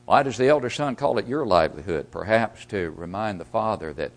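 A man preaching a sermon, asking rhetorical questions and swinging from loud emphasis to hushed asides. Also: fairly low pitch, animated, a little fast.

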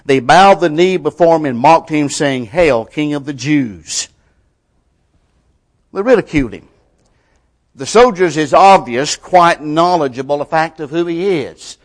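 A fairly high-pitched man preaches at a moderate pace, using ordinary, colloquial grammar. His delivery veers from forceful, loud sections to hushed lines close to a whisper.

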